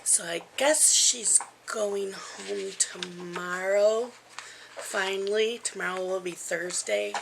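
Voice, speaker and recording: A woman's voice: medium pitch, slow, creaky, background noise. A woman in her fifties chatting casually at home in a rambling vlog, with frequent ums. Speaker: crafting vlogger.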